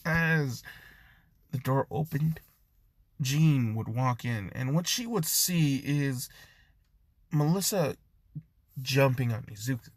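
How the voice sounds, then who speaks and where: Man narrating fan fiction, unhurried, casual and filler-heavy, mid-pitched voice. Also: dry recording. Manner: loose, rambling, many fillers, self-correcting. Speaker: storyteller. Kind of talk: improvised fan story narration.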